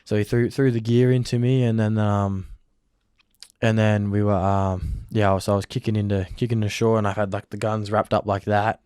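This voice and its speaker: A man's voice: on the low side, flat delivery, normal speed, a little mellow, smooth, dry recording, clean studio sound. A young Australian man telling a story in a casual interview, rambling with lots of filler words. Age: young adult. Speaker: interview guest, rugby league player.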